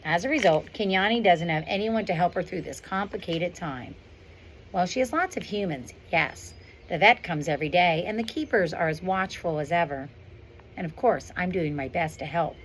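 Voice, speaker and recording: A woman's voice: on the low side, lively intonation, moderate pace, slight background noise, lightly acted. Ivan, a woman reading as a wry silverback gorilla. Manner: wry, understated storybook narration. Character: proud dry-humored male silverback gorilla narrator. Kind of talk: reading a novel aloud. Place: outdoors on a windy day.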